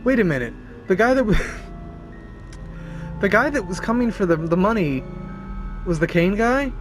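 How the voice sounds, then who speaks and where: A man's voice: high-pitched, lively intonation, measured pace, music in the background. A man streaming a game, reading the story text aloud and breaking off for crude, jokey remarks and laughter. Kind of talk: reading a visual novel aloud with commentary.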